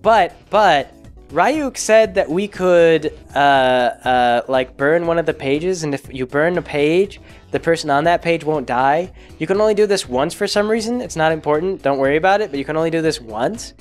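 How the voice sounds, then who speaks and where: A possessive, scheming teen girl, breezy and dismissive, as a man lightly puts her on. The voice stays close to his own rather high speaking voice, with faint music behind. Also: animated, normal speed, close to an everyday voice. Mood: offhand.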